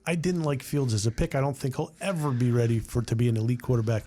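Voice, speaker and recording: A man hosting a sports betting show, giving his picks in casual, blunt chat with halting fillers. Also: mid-range voice, warm tone.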